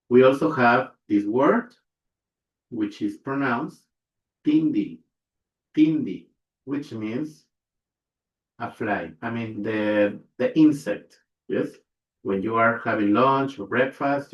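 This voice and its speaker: A man teaching a language pronunciation lesson, repeating each example word and checking in with his listeners. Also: mid-range voice. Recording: echoey room, dull lo-fi sound.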